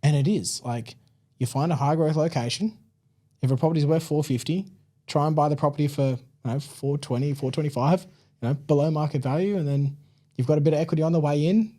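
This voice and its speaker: Australian man, mellow casual storyteller. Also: a little high, brisk. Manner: relaxed, chatty, many fillers like "man" and "like". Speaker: guest.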